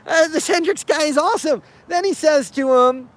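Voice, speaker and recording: A man hosting a casual live stream, animated and sarcastic, laughing often and using lots of fillers. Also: very high-pitched, a little fast, hardly any pauses. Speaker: host.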